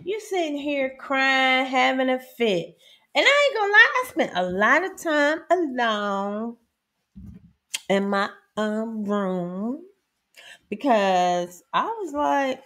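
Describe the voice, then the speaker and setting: A woman speaks in a casual, blunt monologue, swearing freely. Her pitch swings widely and she talks slowly and emphatically, often breaking into laughter. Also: very animated, fairly bright tone. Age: 50s. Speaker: host.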